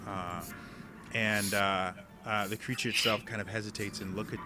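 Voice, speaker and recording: A man narrating a tabletop game as game master, halting, with many fillers. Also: on the low side, over loud music. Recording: steady background noise.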